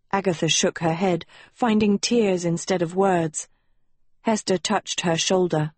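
A woman reads a novel aloud in a slow, deliberate storytelling voice. Her pitch sits in the middle, and she gives each line room. The recording is close and dry. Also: steady tone, a little mellow, no echo. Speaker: audiobook narrator. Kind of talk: scripted audiobook narration.

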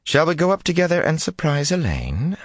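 A man's voice: medium pitch, big pitch swings, moderate pace, no echo, studio quality, voice pushed up, close to an everyday voice. A man reading an audiobook, voicing a cold, haughty sorceress who speaks in a smug, condescending way.

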